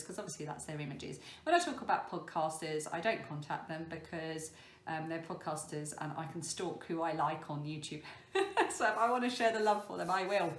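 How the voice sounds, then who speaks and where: A woman with a low voice hosts a crafting podcast in a relaxed, rambling monologue. She fills her talk with ums and pokes fun at herself. The recording has a roomy echo. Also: slight background noise. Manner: chatty and rambling, with many ums; self-deprecating, laughs at herself.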